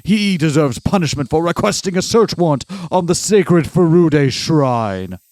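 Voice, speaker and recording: A man's voice: on the high side, animated, unhurried, a little mellow, no echo, pitched above the performer's own voice. A man putting on a raging old politician's voice. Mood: threatening. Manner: pompous, ranting and threatening. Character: intense, furious elderly male congressman. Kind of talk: reading a game aloud with voices.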